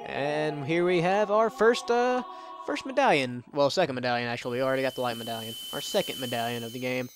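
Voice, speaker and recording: A man's voice: medium pitch, fast talker, over music. A young man hosting a let's play, giving casual gameplay commentary full of sarcastic, joking asides.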